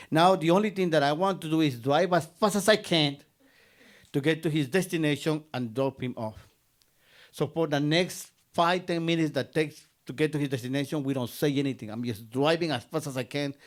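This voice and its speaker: A man from Guatemala, telling a personal story on stage and acting out both sides of a conversation. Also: on the high side.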